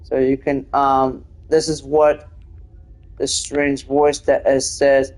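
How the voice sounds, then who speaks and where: A man's voice: medium pitch, completely flat delivery, slow pace, a little mellow, rough recording. A man hosting his own gaming channel, talking casually over his gameplay, hesitant and full of restarts.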